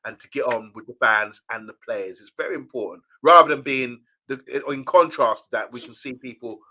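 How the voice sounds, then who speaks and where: Male co-host, bright ringing tone, chatty, reads out viewer comments on a live stream. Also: medium pitch, fairly quick. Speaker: co-host of a fan channel live show. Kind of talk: casual live-stream chat.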